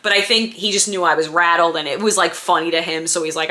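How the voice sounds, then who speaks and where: A woman in her thirties casually telling a personal story, animated and acting out quoted dialogue, with lots of "like" and "right?". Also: fairly low pitch, fairly quick. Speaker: former diaper service owner.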